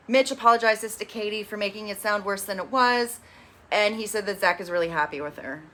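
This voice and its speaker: A young woman hosts a casual TV recap in a bright, clear voice. She is chatty and sarcastic, and she slips into quick impressions of the people she quotes. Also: medium pitch. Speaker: recap host.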